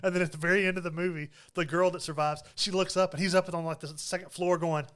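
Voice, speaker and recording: A man's voice: sits high, quick pace, clean tone. A young man co-hosting a podcast, retelling a movie in casual chat and laughing often. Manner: animated storytelling, laughs often. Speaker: podcast co-host.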